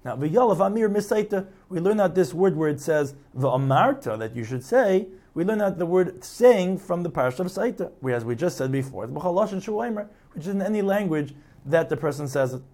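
Male Talmud lecturer, somewhat raised pitch, steady explanatory delivery. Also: fairly quick. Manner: reads Aramaic text then translates, explanatory. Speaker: Talmud teacher.

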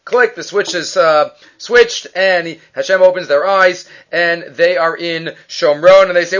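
A man teaching a Bible chapter as a lively story, acting out the characters' lines and mixing Hebrew terms into his English. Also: high voice, moderate pace, few pauses, muffled recording.

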